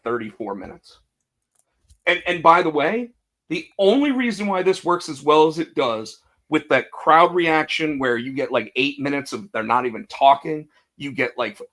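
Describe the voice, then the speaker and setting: A man co-hosting a casual wrestling podcast, telling the story with energy, acting out quotes and restarting his sentences often. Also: a little high. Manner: animated storytelling, acts out quotes, many restarts. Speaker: podcast co-host.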